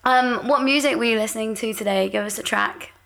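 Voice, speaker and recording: A woman co-hosting a podcast, chatting earnestly and casually with many pauses. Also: fairly high pitch, gravelly, fairly bright tone. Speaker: podcast co-host. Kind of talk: casual chat.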